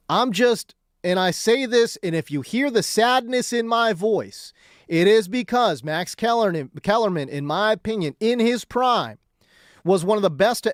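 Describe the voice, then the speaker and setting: Man, sports talk radio host, high-pitched, emphatic, conversational, dry studio sound. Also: no room sound. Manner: animated, emphatic, repeats phrases for effect; conversational, with asides and laughs. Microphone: studio microphone.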